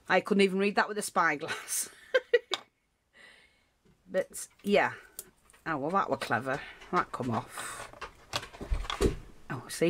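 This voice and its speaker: A woman's voice: on the low side, a bit bright, no room sound. A woman giving a casual, rambling craft tutorial, full of asides and restarts.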